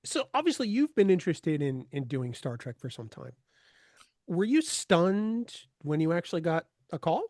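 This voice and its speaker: A man's voice: fairly high pitch, very animated, moderate pace, darkish tone, no room sound, clean studio sound. A middle-aged man co-hosting a fan podcast over a video call, asking friendly questions and ribbing his co-host. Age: 50s. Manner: friendly, joking. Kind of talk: casual interview chat.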